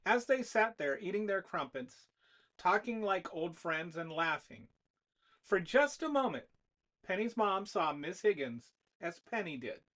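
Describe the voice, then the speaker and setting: An author reading a whiteboard novella aloud as the narrator, in an expressive manner. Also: mid-range voice, a little slow. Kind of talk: storybook narration.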